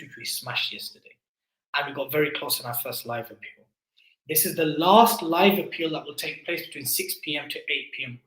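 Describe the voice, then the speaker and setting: A man's voice: fairly high pitch, bright, forceful tone, reverberant, poor audio. A man hosting a charity fundraising livestream, pleading with viewers in an impassioned, preacher-like way. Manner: impassioned preaching appeal, building in force.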